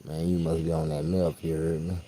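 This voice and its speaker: Very deep, flat-voiced man. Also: a little fast, slight background noise, low-quality recording. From Louisiana, USA. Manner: emphatic, repeats "you heard me" constantly. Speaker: street vlogger. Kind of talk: casual street monologue to camera. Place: outdoors on a street at night.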